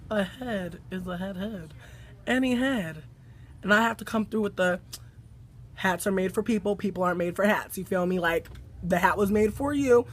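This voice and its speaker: A man who works in a hat shop, ranting in a casual way about customers with sassy, profane, animated storytelling and mock quotes. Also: high-pitched, a little hiss or hum. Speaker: hat shop retail worker. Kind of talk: casual rant to camera.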